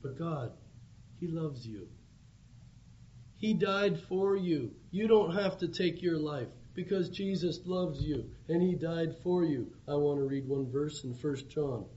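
A man's voice: fairly high pitch, unhurried, dark tone. A man preaching an evangelistic sermon, with earnest, pleading appeals. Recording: dull lo-fi recording with faint background hum.

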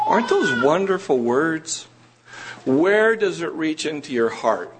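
A man preaching a sermon to a congregation in a church room, earnest and slow, pressing his listeners with rising questions. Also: a little high, big pitch swings, noisy background.

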